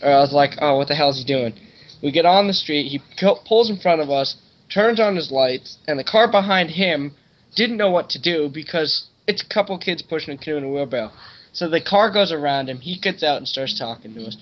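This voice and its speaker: A man's voice: fairly high pitch, animated, fairly quick, muffled recording. A young man on a podcast, telling a loose, rambling story in casual chat with plenty of swearing. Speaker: podcast co-host.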